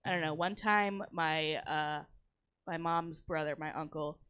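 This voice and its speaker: A woman's voice: deep voice, fairly even intonation, a little slow, fairly bright tone, clean tone, lo-fi sound. A young woman on a comedy stage, talking casually and rambling, often restarting her sentences. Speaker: comedian guest. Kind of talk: casual onstage chat.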